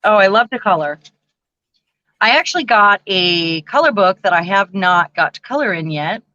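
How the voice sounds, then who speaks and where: A woman's voice: mid-range voice, animated, normal speed, pushed and bright, dry recording. Giggly lady crafting and chatting, kinda muffled dry call audio. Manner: playful, giggly, reads chat comments aloud. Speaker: craft livestream co-host. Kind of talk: casual chat while crafting.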